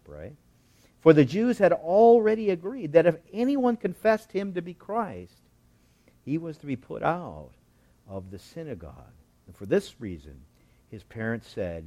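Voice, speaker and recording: Lively, animated male preacher. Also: medium pitch. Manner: animated, voices the scripture characters with sarcasm; chuckles often while teaching. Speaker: pastor. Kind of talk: sermon, Bible teaching.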